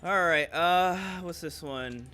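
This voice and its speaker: A young man streaming gameplay, joking with chat and breaking into sudden shouts. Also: fairly high pitch, slow pace, slight background noise. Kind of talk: live gameplay commentary.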